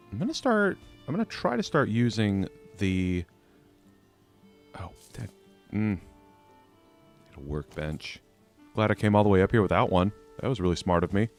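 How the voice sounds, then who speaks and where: A young man chatting his way through a live game stream, laughing and mocking his own mistakes. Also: on the low side.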